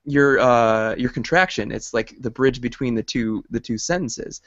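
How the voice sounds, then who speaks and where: A man's voice: medium pitch, normal speed, fairly bright tone, dry recording. A man hosting a podcast, chatting casually with lots of fillers and easy laughs. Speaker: podcast host. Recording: dry, dull lo-fi audio.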